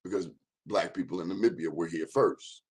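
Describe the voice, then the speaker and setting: Emphatic low-voiced man in his fifties. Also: normal speed, a little mellow, slightly rough. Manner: emphatic and repetitive, urging listeners to look it up. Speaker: host. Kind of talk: informal history talk.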